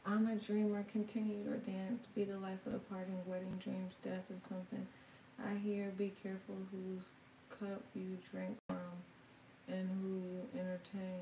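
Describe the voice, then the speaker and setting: A woman's voice: medium pitch, monotone, moderate pace, gravelly, warm tone, a little hiss or hum. A woman hosting a casual tarot live stream, reading viewer comments aloud and answering them in a frank, slangy way. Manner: frank and slangy, swears now and then. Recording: roomy, distant from the mic, faint ambience.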